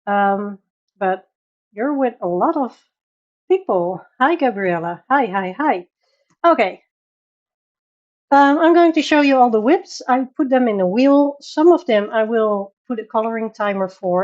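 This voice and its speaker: In a lo-fi recording, a woman with a fairly high, slightly mellow voice hosts a laid-back coloring livestream from her bedroom at home. She's from the Netherlands, speaks with a Dutch accent, laughs frequently, and greets viewers by name as she chats.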